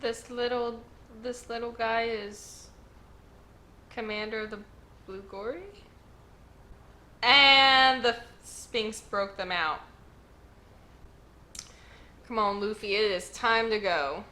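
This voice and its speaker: A woman hosting a casual manga read-along, chatty and excitable, reacting to each chapter. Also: mid-range voice, takes it slowly, pauses often. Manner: chatty and excitable, lots of "like" and "y'all".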